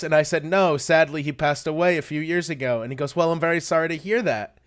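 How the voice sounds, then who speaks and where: Male streamer, a bit high-pitched, animated and sweary, laughs through his own stories. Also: fast. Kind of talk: casual livestream chat.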